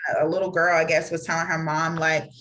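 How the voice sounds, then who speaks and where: This woman speaks with a slightly low voice as a podcast guest, talking candidly about her own experience. She leans on fillers like "like" and "you know," and her delivery is earnest and reflective. She breaks into quick, animated impressions of other people as she tells stories. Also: crowd noise. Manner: animated storytelling with quick acted-out quotes.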